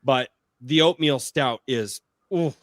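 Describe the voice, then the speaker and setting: A man hosting a podcast in casual chat, telling stories in an excitable, profane way. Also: mid-range voice, slow, no room sound. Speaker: podcast host.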